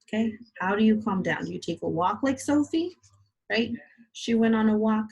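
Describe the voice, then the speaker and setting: A woman teacher giving a slow, patient, encouraging video lesson to small children, spelling out each step. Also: on the high side, expressive, gravelly, a little mellow, slightly rough, poor audio. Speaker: kindergarten teacher.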